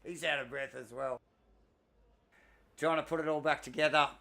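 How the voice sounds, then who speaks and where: A man, commentating a sim race live, excitable and out of breath, rambling with fillers. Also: fairly high pitch, moderate pace, gravelly.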